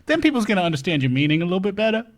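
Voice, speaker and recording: A man's voice: high-pitched, big pitch swings, racing. A man playing a rambling doomsday-prep host. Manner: rambling, stumbling over his words. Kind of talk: improvised comedy live stream. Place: home bunker.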